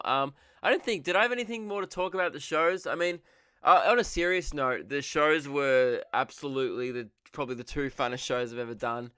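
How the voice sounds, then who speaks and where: A man's voice: medium pitch, fairly bright tone, clear, resonant tone, dry recording, studio quality. Rambling sarcastic man. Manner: rambling, sarcastic, laughs at own jokes. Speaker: comedian podcast host. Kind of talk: solo comedy podcast.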